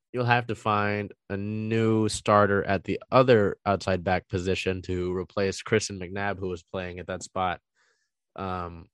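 A man's voice: low voice, no echo. A man giving a casual solo recap of soccer trades, talking through his thoughts with frequent ums and uhs. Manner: conversational, frequent ums and uhs, thinking aloud.

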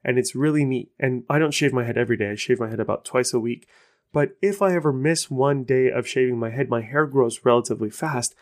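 A man's voice: mid-range voice, fairly quick. A man hosting his own podcast, talking casually in a rambling, self-deprecating way. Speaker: podcast host. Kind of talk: casual solo podcast talk.

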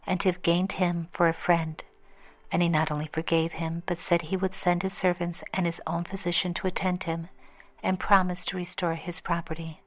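A woman reading a fable aloud in a steady, measured way. Her voice is lowish and stays flat, with little melody. The recording sounds dull and lo-fi. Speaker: storyteller.

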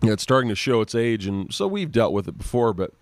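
Joining over the internet from home, a podcast co-host who is also a guitar effects artist speaks in a lowish voice with no echo, quick and very animated. Just out of bed, he rambles sleepily in casual chat, groping for words.

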